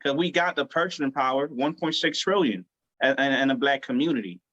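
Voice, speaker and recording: A man's voice: mid-range voice, brisk, a bit bright. Emphatic man host, preachy cadence, dull lo-fi recording. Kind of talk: casual chat.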